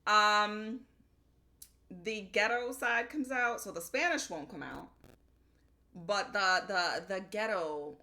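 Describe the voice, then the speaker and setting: A woman's voice: medium pitch, slow pace, sharp tone. A young adult woman from Puerto Rico streaming live, chatting casually and greeting her chat by name.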